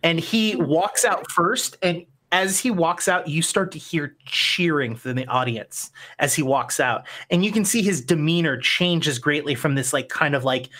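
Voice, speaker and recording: A woman with a notably low, deep voice runs a tabletop game as its game master. She narrates loosely, wandering through her sentences with plenty of fillers along the way. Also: unhurried, hardly any pauses. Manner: relaxed, meandering narration with fillers.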